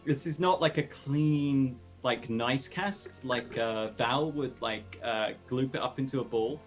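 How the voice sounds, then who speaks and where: A man playing a tabletop game, describing his character's actions in a halting, animated way with many fillers. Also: medium pitch, soft background music. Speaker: player.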